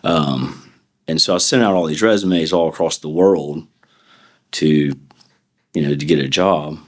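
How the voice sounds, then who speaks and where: A middle-aged defense attorney with a very deep voice speaks casually as an interview guest at a measured pace. He tells rambling anecdotes, acting out quotes from the people in them.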